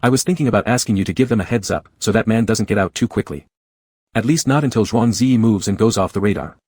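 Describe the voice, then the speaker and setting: A man's voice: on the low side, fast, a little mellow, slightly rough, no echo, studio quality. A man voicing a worried, protective young man in a comic story, speaking earnestly and reassuringly.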